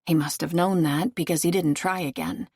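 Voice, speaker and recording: A woman narrating an audiobook in a measured, unhurried reading. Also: fairly low pitch, steady tone, darkish tone, husky, no room sound, clean studio sound. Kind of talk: scripted narration.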